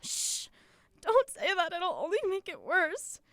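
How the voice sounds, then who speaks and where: A woman's voice: very high-pitched, wildly swooping pitch, takes it slowly, a bit bright, dry recording, clean studio sound, pitched above the performer's own voice, full character voice. A young woman acting out her younger self as a melodramatic, heartbroken teenage girl. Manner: theatrical, wailing, over-the-top.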